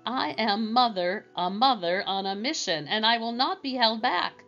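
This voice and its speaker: A woman's voice: fairly high pitch, lively intonation, moderate pace, fairly bright tone, dull audio, faint music behind, pitched above the performer's own voice. A woman voicing a small, determined mother shrew who talks earnestly. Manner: earnest, pleading, turns commanding.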